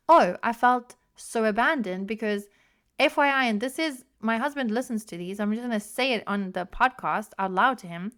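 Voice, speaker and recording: Smooth-voiced woman podcaster, frank and swearing. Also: mid-range voice, moderate pace, a bit bright. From South Africa. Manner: frank, self-mocking, swears freely. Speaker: podcast host. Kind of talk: candid solo podcast storytelling.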